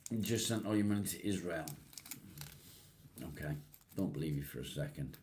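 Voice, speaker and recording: A man's voice: low-pitched, expressive, moderate pace, darkish tone, a little hiss or hum. A man from England, hosting a live stream and casually answering viewer comments one by one, calling people mate. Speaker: livestream host.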